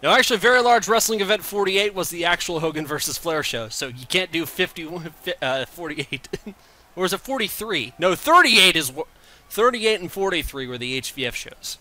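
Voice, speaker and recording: A man calls a wrestling video game match in casual play-by-play, with a high, bright voice. He is excitable and jokey, laughing between calls. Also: normal speed. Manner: excitable, laughs often, stumbles over numbers.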